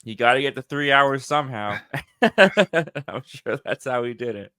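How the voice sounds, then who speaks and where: A man's voice: mid-range voice, expressive, unhurried, pushed and bright, smooth, dry recording, studio quality. A man hosting a casual live movie chat show, easygoing and chatty with firm opinions. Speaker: host.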